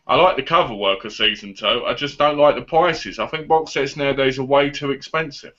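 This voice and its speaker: A man co-hosts a casual live film chat. He speaks plainly and bluntly, with a bright tone, and often stumbles over his words. The online call audio is muffled. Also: medium pitch, a little fast. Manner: blunt, swearing, stuttering restarts. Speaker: co-host.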